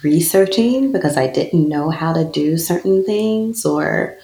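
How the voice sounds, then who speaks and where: A woman's voice: sits low, a little slow. A woman in her thirties, a spiritual speaker, telling a personal story in an earnest, reflective way during an interview. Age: 30s. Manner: earnest, personal, with soft laughs. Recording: echoey room.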